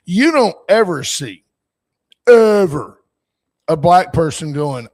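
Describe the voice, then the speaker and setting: A man in his sixties hosting a call-in talk show, rambling and opinionated, reading out listener comments as he goes. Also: a little high. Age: 60s. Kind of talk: casual political call-in talk.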